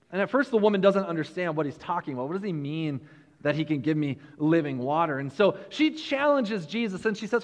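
A male preacher giving a sermon to a room of listeners, retelling a story in an animated way, with frequent restarts. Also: high voice, normal speed, big-room sound. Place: large room with an audience.

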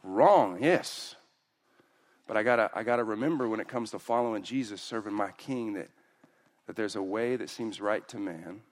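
A man preaching a sermon as pastor, acting out quoted voices with big jumps in pitch. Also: normal speed.

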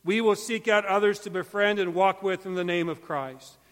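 A man preaching a sermon as pastor, emphatic and swinging between loud calls and hushed, quiet stretches. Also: high voice, steady tone, normal speed. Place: church sanctuary. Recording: long church hall reverb.

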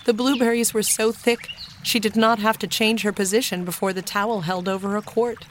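Woman gently reading a storybook aloud. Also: medium pitch, steady tone, brisk, slight background noise. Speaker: narrator.

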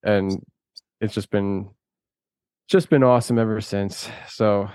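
A man's voice: on the low side, steady tone, slow, darkish tone, clear, resonant tone, no echo, clean studio sound. A man talking as a guest on a podcast, rambling and chatty, laughing often and restarting his sentences. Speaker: podcast host and filmmaker guest. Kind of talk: casual conversation.

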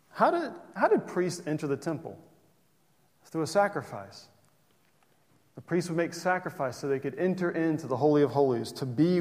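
A man delivers a sermon in a loose, conversational way, tossing out rhetorical questions and restarting his phrases. His voice sits a little high for a man, and a long reverb trails each line as if he speaks in a large hall. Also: a little mellow. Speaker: pastor.

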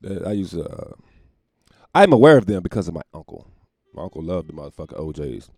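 A man hosts his own podcast from home, ranting in a profane, animated way and laughing often. His low voice is gravelly and leaps widely in pitch. The sound is dry and close. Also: fast talker, no room sound. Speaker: podcast host. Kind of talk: casual profane rant.

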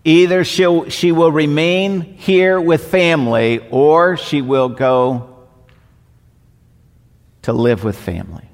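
A man preaching a sermon with slow, deliberate emphatic repetition. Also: a little high. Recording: long hall reverb.

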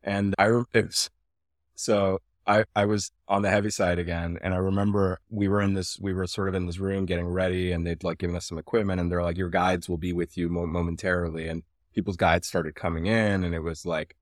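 Deep voiced guy rambling thru a funny story, dry close sound, podcast call. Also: little pitch movement, fairly quick, no room sound. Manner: rambling storyteller, self-deprecating. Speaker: guest, company founder. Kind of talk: casual podcast interview. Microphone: remote call.

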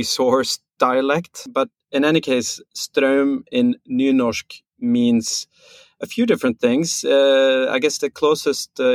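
A man from Norway with a Norwegian accent, a guest on a podcast who explains things in a measured way with many pauses and restarts. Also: medium pitch, no room sound. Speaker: guest, brand co-founder. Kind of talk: casual podcast interview.

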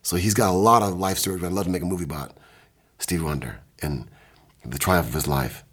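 An older man from Michigan with a very deep, husky voice tells animated stories. He speaks in quick bursts and casual talk, from an indoor recording studio. He sounds like a seasoned music producer. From Michigan, USA. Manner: animated anecdotes, quick bursts, mimics and scats.

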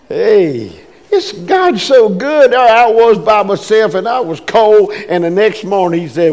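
A man's voice: high-pitched, very animated, takes it slowly, darkish tone, long reverb tail. A man preaching a sermon as pastor, folksy and emphatic, often calling out to his congregation.

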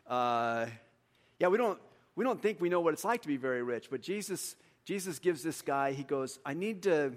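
Animated preacher man with a higher voice. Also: normal speed. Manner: animated preaching, voice rising high and loud for emphasis, then dropping quiet; acts out dialogue with his congregation. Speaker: pastor. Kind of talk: sermon.

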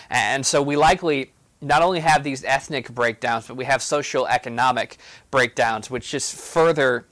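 A man's voice: mid-range voice, no echo. Man teaching a Bible passage, dry sound. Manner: relaxed explaining with fillers and restarts. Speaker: campus ministry podcast teacher.

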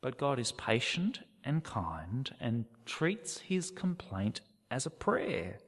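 A man's voice: medium pitch, expressive, normal speed, hardly any pauses. A man preaching a sermon, reading scripture aloud with dramatic expression. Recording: long hall reverb.

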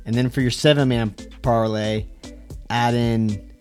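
A man's voice: medium pitch, fairly even intonation, a little slow, darkish tone, soft background music. Male podcast co-host, jokey and teasing, betting talk. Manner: joking, teasing. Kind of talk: casual sports betting chat.

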